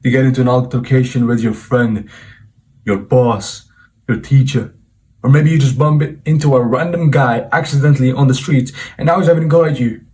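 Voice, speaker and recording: A man's voice: medium pitch, a little fast, a little mellow. Casual young man addressing viewers. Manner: informal, peppers talk with "bro", reflective and earnest. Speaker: self-improvement vlogger and coach. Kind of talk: casual storytelling monologue to camera.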